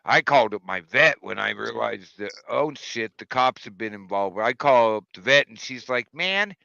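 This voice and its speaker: A man's voice: fairly low pitch, normal speed, creaky, dry recording, muffled recording. A man streaming, telling a story in casual chat and acting out the voices of the people in it. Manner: animated storyteller, acts out quoted voices.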